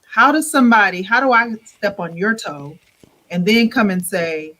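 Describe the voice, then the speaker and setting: A woman speaking as a guest on a podcast over an online call, her pitch sitting in the middle range. She talks casually and expressively, acting out little quoted exchanges. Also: normal speed. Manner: expressive, acts out quotes with laughs. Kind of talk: casual chat.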